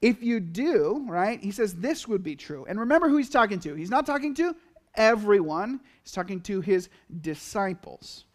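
A pastor with a fairly high voice preaches at a normal speed in an easy, conversational way. He stays animated, acting out his listeners' reactions and quoted lines in little asides.

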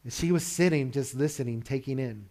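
A man preaches a sermon in a relaxed, conversational way. He puts questions to the congregation and chuckles between points. His voice sits at an ordinary middle pitch. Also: a little fast. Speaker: pastor.

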